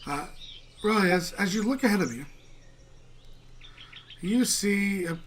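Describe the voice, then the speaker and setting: Rambling male game master, slightly high. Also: animated, measured pace, crowd noise. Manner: loose and rambling, with many fillers. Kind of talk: narrating a tabletop game.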